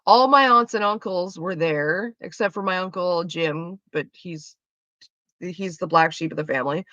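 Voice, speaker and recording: A woman's voice: lowish voice, moderate pace, fairly bright tone, no echo. A woman hosting a casual livestream chat, talking bluntly and rambling, with heavy swearing. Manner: blunt, heavily profane, rambling. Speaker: livestream host. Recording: slightly muffled lo-fi audio.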